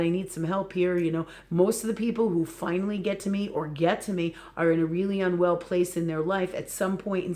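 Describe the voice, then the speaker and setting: A woman's voice: fairly low pitch, a little mellow. A woman spiritual teacher giving a live talk, earnest and repetitive, often checking in with "okay" and "right".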